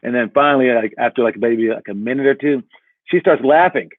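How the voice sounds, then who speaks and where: A man's voice: mid-range voice, brisk, no echo. A man giving a casual motivational talk as a coach, rambling and asking "all right?" again and again. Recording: tinny phone-like audio.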